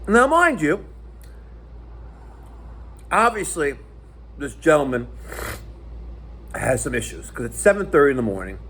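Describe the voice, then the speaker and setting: A man telling a profane, animated story in a casual vlog rant. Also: a little high, measured pace, pauses often, slightly rough. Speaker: internet personality.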